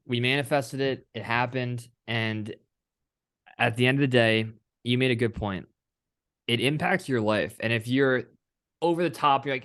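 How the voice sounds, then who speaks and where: A man's voice: medium pitch, moderate pace, fairly bright tone. A young man co-hosting a football podcast, talking earnestly and addressing listeners directly. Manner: earnest, speeches to the audience. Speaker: podcast co-host. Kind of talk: sports talk podcast.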